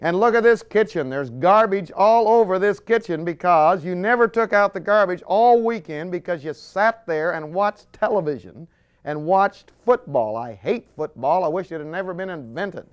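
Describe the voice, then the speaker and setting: A man voicing a shrieking, nagging housewife, scolding in a rapid tirade as a sermon illustration. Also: lo-fi sound, lightly acted. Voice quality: shrill, scolding. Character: shrieking nagging housewife, middle-aged woman.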